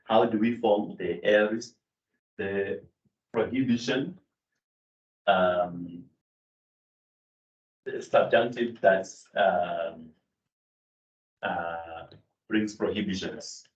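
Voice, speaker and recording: A man with a lowish voice lectures on grammar in a classroom, pausing on fillers and correcting himself as he goes. He sounds set back from the mic, with a roomy echo and a dull, muffled tone. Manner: explanatory, with fillers and self-corrections. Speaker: Greek lecturer. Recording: echoey room, distant mic, dull sound.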